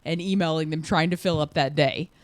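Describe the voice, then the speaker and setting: A woman's voice: low-pitched, fairly quick, no room sound. A young woman co-hosting a podcast in casual chat, blunt, swearing freely and laughing often.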